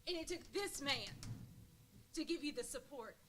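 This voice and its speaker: A woman's voice: high voice, animated, moderate pace, poor audio. A woman speaking as a school board member, passionate and rousing in a public meeting.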